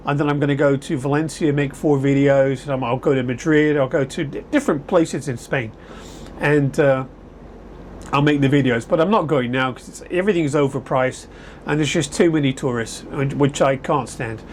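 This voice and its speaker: A man's voice: medium pitch, moderate pace, slight background noise. A man vlogging casually to camera, chatty and rambling with frequent self-corrections, at home indoors. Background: air conditioner humming.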